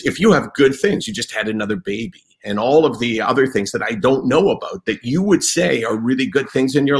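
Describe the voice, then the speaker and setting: A man interviewing a guest, speaking in an earnest, emphatic, explanatory way. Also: mid-range voice. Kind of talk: conversational interview.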